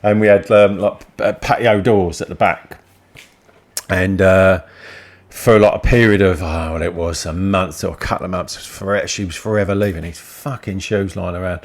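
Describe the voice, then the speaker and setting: A man's voice: low voice, steady tone, moderate pace. An older man, chatting casually and telling sweary stories about raising kids. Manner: sweary, storytelling, laughs at his own tales. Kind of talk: casual chat.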